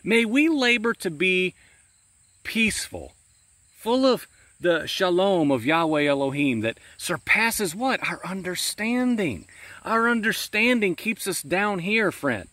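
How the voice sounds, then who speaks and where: A man's voice: high voice, very animated, slow pace, pushed and bright, no room sound. A man giving a spontaneous, earnest devotional talk outdoors in a pasture, pastoral in tone and often addressing the listener as friend, with crickets and insects behind him. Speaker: Christian podcast host.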